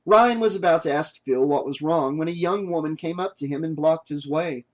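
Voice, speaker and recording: A man narrating a horror novel audiobook in a steady, even storytelling manner. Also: a little high, normal speed.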